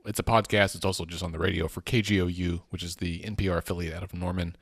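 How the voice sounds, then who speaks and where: A man with a very deep voice talks through the week's policy news in a casual, rambling way. He corrects himself mid-sentence and slips in jokes. The sound is close and dry, with no room around it. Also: flat delivery, quick pace, vocal fry, no echo. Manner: rambling, self-correcting, joking. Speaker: podcast co-host.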